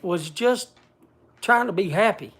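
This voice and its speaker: A man speaking bluntly to a group in casual talk, halting often and restarting his sentences. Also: high-pitched, animated, a bit bright, breathy edge. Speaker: speaker addressing a group gathering.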